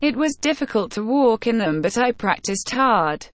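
A woman reading a storybook in a scripted narration, slow, careful and even. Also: fairly high pitch, no echo. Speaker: audiobook reader.

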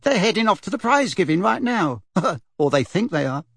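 A man voicing a cheeky, bold young witch in a high, bright, chirpy put-on voice, reading a storybook aloud. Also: very animated, normal speed, vocal fry, slightly rough, no echo, clean studio sound, full character voice. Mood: boasting.

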